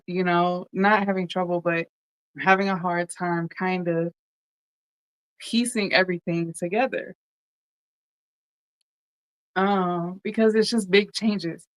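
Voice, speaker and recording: A podcast host in a heartfelt solo talk, speaking openly and directly to the audience and often asking "right?" between thoughts. The voice is smooth and resonant. The recording is close and dry, with no room sound. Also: medium pitch, fairly bright tone, dry recording, poor audio. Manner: candid, talks straight to listeners, often checks in with "right?"; pauses with frequent ums. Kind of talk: casual heartfelt podcast monologue.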